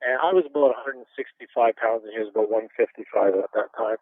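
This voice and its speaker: A man's voice: lowish voice, fast talker, no echo. A man in his fifties from Canada, animatedly telling stories in a casual interview and chuckling now and then. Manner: animated storyteller, chuckles often. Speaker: interview guest, former boxer. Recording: tinny phone-line sound.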